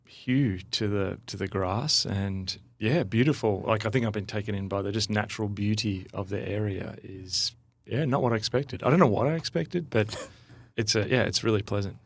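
A man's voice: fairly low pitch, normal speed, creaky, hardly any pauses. A man with an Australian accent, a church leader speaking as a podcast guest in an easygoing way. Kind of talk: conversational interview.

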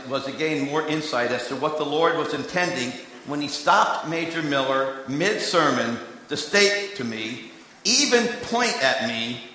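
A man's voice: medium pitch, a little hiss or hum. Man preaching in an echoey hall. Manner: storytelling, shifting between hushed and emphatic. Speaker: preacher and candidate recruiter. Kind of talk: sermon. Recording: echoey hall with long reverb.

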